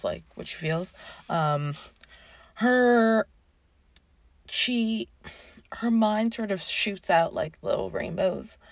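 Slow, gravelly-voiced woman gushing about books. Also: deep voice, no echo. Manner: gushing and rambling, many fillers. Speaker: book reviewer. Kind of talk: casual book review with a read-aloud passage.

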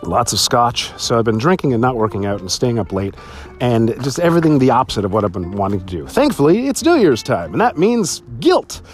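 A man telling stories on his solo podcast, swearing freely, laughing often and jumping to a high voice when excited. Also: fast, faint music behind. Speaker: podcast host. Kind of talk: casual solo podcast storytelling.

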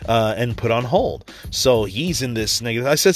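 A man talks through a motivational monologue in a casual, blunt way. He swears freely and tells stories from his own life. His pitch sits in a middle range, and soft music plays faintly behind him. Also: expressive, moderate pace, few pauses. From New York area. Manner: blunt, profane, storytelling with acted-out quotes. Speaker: motivational speaker.

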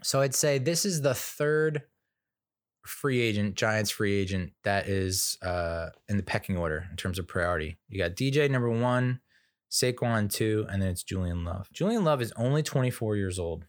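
A man's voice: fairly low pitch, animated, moderate pace, no room sound, clean studio sound. A man giving a casual, rambling commentary monologue as a sports fan, full of fillers, restarts and blunt opinions.

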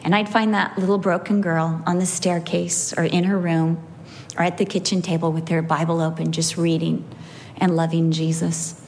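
A woman's voice: lowish voice, normal speed, slight background noise. Emotional woman in her fifties telling stories. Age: 50s. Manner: emotional storytelling with animated quoted voices. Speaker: Bible teacher. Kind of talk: women's Bible teaching talk.

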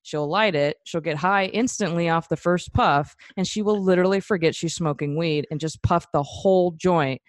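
A woman in her thirties with a notably low voice tells a story in a relaxed, chatty way and laughs often as she talks. The sound is dry and close, with no room around it. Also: normal speed, hardly any pauses, no room sound. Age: 30s. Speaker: podcast host. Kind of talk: casual chat.

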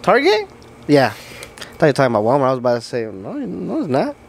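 A man's voice: medium pitch, wildly swooping pitch, quick pace, gravelly, darkish tone, slight background noise. A young man co-hosting a podcast, joking and swearing in casual chat and asking questions. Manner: joking, profane, asks questions. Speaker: podcast co-host.

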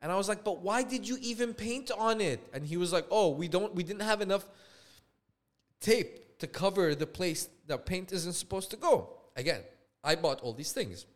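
A man's voice: high-pitched, normal speed. A young man co-hosting a podcast, telling a story in a casual, profane way and acting out the people he quotes. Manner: animated, profane, acts out quoted dialogue. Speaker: podcast co-host.

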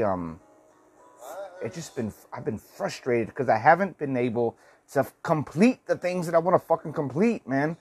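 A man in his forties telling a story in a casual vlog, rambling and swearing with many restarts. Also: medium pitch. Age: 40s. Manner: rambling, profane, lots of restarts. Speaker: vlogger.

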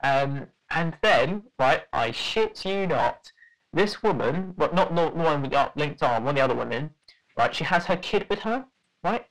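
A man co-hosting a casual podcast chat, recounting an awkward night abroad with lively energy. His voice sits slightly high, and he breaks into laughter and mimicry as he goes. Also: rough recording. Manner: animated, laughing, acts out quoted voices. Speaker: podcast co-host.

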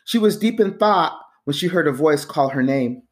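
Low-voiced woman narrating a novel. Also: animated, normal speed. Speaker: audiobook narrator. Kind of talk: scripted narration.

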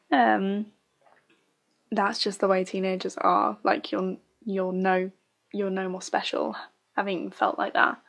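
A woman's voice: mid-range voice, level tone, takes it slowly, vocal fry, a bit bright. A woman giving casual reaction commentary on a show, blunt and sarcastic, swearing freely. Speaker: show reviewer.

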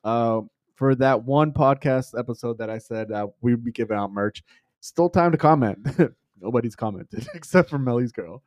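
A young man hosting a casual podcast, telling stories in an animated way and laughing often. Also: mid-range voice, normal speed, dry recording, clean studio sound. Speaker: podcast host. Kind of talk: casual chat.

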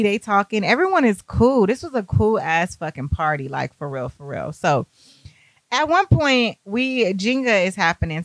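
A young woman telling a party story, animated and profane, acting out what people said. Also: medium pitch, no echo. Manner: animated, profane, acts out quotes. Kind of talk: casual storytime.

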